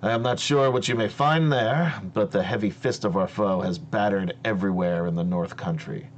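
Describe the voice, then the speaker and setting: A man's voice: fairly low pitch, moderate pace, muffled recording, slight background noise, lightly acted. A man voicing a proud, by-the-book male elf prince who speaks in a formal, solemn way.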